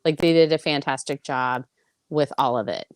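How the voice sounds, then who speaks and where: A woman co-hosting a casual pop-culture podcast, excitable and quick to laugh. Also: very deep voice, dry recording, clean studio sound. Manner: excitable, laughs often, animated. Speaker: podcast co-host.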